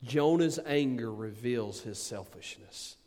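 A man preaching a sermon, swinging from booming emphasis to quiet asides. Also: takes it slowly. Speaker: pastor. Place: church sanctuary. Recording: long hall reverb.

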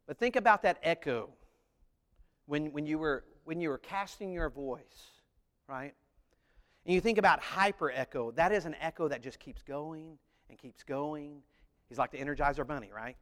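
Preacher, fairly high voice, lively and theatrical, long hall reverb. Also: male voice, moderate pace. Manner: animated, acts out voices and sings snippets. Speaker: pastor. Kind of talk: sermon.

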